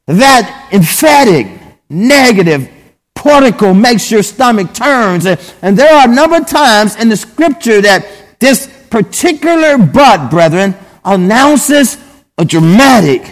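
A man preaching a sermon emphatically, repeatedly addressing his listeners as brethren. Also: sits high. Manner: emphatic, repeatedly saying "brethren", drawn-out pauses. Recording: long hall reverb.

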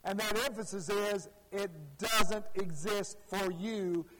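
A man preaching a sermon, emphatic, with deliberate phrasing that swells and drops. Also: high-pitched, steady tone, pushed and bright, big-room sound, rough recording.

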